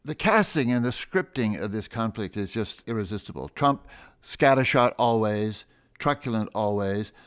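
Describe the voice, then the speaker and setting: A man's voice: on the low side, expressive, normal speed, clean tone. Emphatic male radio host. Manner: probing, emphatic questions. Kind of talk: radio interview.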